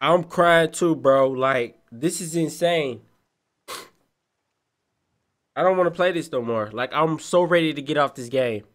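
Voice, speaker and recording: A man's voice: a little high, unhurried, pauses often. A young man playing a horror game, scared and near tears, pleading and exclaiming to his viewers. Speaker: gamer reacting on stream. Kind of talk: frightened live gameplay reaction.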